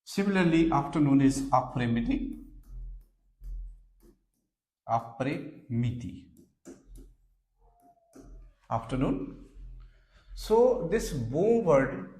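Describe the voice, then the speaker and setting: Male language teacher, slightly high voice, very slow and deliberate classroom lecture, echoey room. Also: sing-song, mellow. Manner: slow, deliberate explaining, spelling words letter by letter. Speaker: French teacher.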